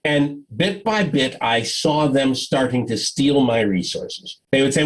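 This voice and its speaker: A man's voice: medium pitch, unhurried, few pauses, low-quality recording. A man giving a conference talk by video call, telling stories and acting out dialogue with frequent laughs. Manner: animated storyteller, acts out dialogue, laughs often. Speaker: conference speaker.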